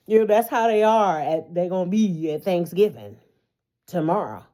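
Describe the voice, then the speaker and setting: A woman's voice: on the low side, animated, moderate pace, dark tone. A woman giving a casual tarot reading to her viewers, talking animatedly, swearing freely and laughing often. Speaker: tarot reader.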